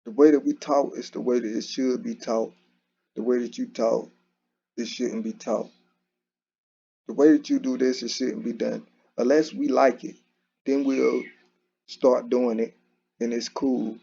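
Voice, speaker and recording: This commentary channel host is a man whose mid-range voice stays fairly even, moving at a measured pace with vocal fry, long pauses and a mellow quality. He rambles conversationally on his own, restarting often and leaning on "you know." Slight background noise sits under a dull, lo-fi recording.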